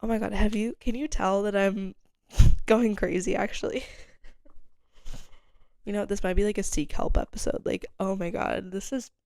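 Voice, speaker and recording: A woman's voice: medium pitch, steady tone, normal speed, long pauses, darkish tone, no room sound. A young woman hosting her own podcast, rambling candidly in a casual solo monologue, full of "like" and casual swearing. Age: young adult. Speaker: podcast host.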